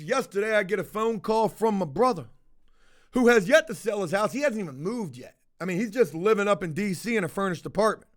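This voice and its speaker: A man telling a personal story to his viewers in a casual, profane, conversational way, acting out the dialogue. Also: high voice. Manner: profane, conversational, retells dialogue with many fillers.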